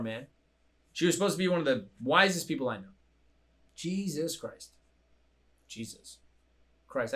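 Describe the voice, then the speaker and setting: Blunt, profane young man, higher voice. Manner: blunt, profane, animated storytelling. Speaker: coaching podcast host. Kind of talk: casual chat.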